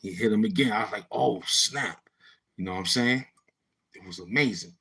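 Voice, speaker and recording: A man with a New York City accent tells a neighborhood story in easygoing street slang and acts out the voices of his old friends. His voice sits low and carries a husky, breathy edge. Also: normal speed, a bit bright. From Brownsville, Brooklyn, New York. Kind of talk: casual storytelling.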